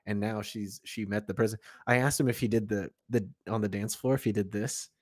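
Low-voiced young man telling stories. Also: fairly even intonation, no echo, studio quality. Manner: storytelling, quick bursts, laughing asides. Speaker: podcast co-host. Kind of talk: casual chat.

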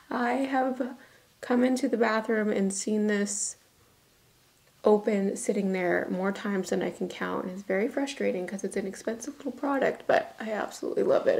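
A woman's voice: medium pitch, creaky, a little mellow. A young woman chatting casually through her makeup routine at home, giggly and full of "like". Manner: chatty, giggly, uses "y'all" and "like" often. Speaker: beauty vlogger. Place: home bathroom.

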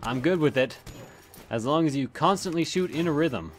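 A man's voice: a little high, expressive, moderate pace. Swearing casual let's-play gamer man. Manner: chatty, swears often, rambling asides. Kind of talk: casual gameplay commentary.

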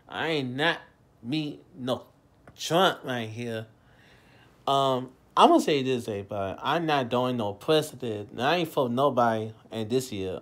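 Rambling young man, loud then mumbling. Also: mid-range voice. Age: late 20s. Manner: repetitive, loose, swings between loud and mumbled. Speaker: vlogger. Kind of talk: rambling casual monologue.

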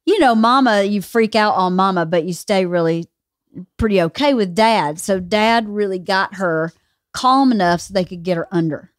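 A woman's voice: mid-range voice, moderate pace, dry recording, clean studio sound. A woman hosting a podcast, telling a story in a casual chat and bluntly contradicting her co-host in a teasing way.

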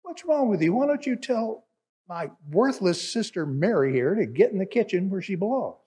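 A man's voice: high voice, sing-song, normal speed, warm tone, husky, in a large hall, full character voice. A man voicing an exasperated woman who is scolding her teacher in an indignant, complaining tone.

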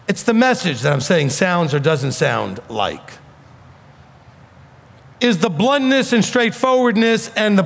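A man's voice: sits high, fairly bright tone, big-room sound. A man with a New York accent preaching a sermon as a rabbi, blunt and emphatic.

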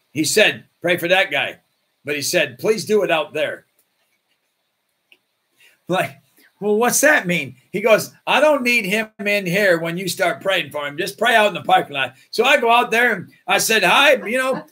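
Animated high-voiced husky preacher man. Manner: animated, acts out voices in his stories. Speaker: pastor. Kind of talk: sermon with storytelling.

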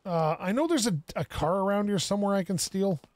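A young man giving casual let's-play commentary, excitable and self-mocking, talking to himself as he plays. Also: high-pitched, a little fast, dry recording. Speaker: gaming video creator.

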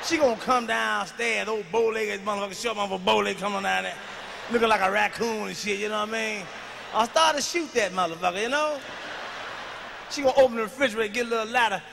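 A man doing a profane stand-up comedy routine, ranting loudly with shouted bursts, recorded on a stage in a large hall. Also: sits high, fast, vocal fry, background noise.

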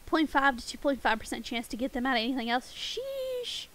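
A woman's voice: fairly high pitch, steady tone, fast, a bit bright, rough recording. A woman streaming a game and chatting playfully with her viewers, giggling often. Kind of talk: casual game stream chat with chat.

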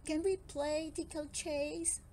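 A sulky little male pufferfish from a children's storybook, glum and put out, played by a woman reading aloud. He speaks slowly, each word drawn out with a sigh. A soft background hum is faintly there. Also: high-pitched, steady tone, pitched above the performer's own voice. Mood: grateful.

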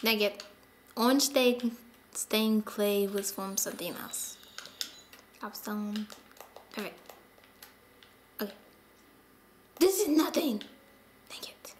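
A woman giving casual gameplay commentary as host of her own channel. She is excitable and chatty and drops to mutters while she plays. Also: mid-range voice, slow pace, pauses often, slight background noise.

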